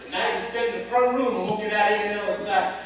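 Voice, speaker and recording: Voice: mid-range voice, steady tone, fast, close to an everyday voice. An actor playing a brooding menacing farmhand. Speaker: stage actor. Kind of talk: amateur stage musical acting. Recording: echoey stage hall, far-off mic, faint noise.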